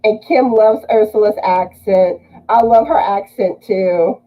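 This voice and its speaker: A woman's voice: mid-range voice, a little slow, mellow, rough recording. A woman from Louisiana hosting a casual livestream, greeting viewers and reading their comments aloud.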